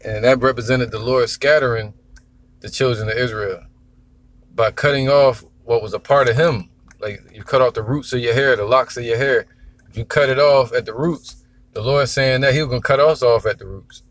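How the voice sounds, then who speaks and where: A man's voice: medium pitch, steady tone, normal speed. A man giving a casual, profane, rambling religious talk, teaching as he drives. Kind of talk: casual preaching monologue.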